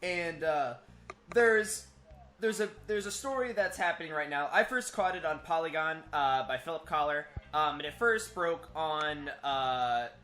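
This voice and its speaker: A young man talks through gaming news in bursts, filling his pauses with ums and uhs. His voice is a bit high and tense and bright. Soft background music sits under him. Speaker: podcast co-host. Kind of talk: casual gaming news chat. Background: faint background music.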